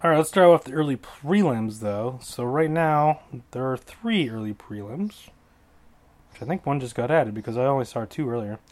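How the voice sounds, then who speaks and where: A man's voice: medium pitch, lively intonation, normal speed, a little mellow. A man hosting a casual solo podcast, rambling through fight predictions in a jokey way and often correcting himself mid-sentence. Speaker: podcast host.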